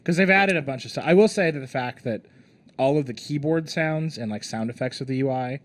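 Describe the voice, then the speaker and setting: A man's voice: mid-range voice, fairly quick. A man co-hosting a casual tech podcast, wry and exasperated, often laughing. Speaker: podcast co-host.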